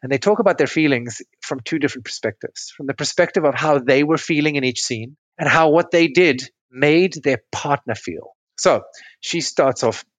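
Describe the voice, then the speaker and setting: A man's voice: fairly high pitch, normal speed, dry recording. A middle-aged man, a relationship coach, explaining couple patterns step by step in an interview over a remote call. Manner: explanatory, tells client stories step by step. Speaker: relationship coach and podcast guest.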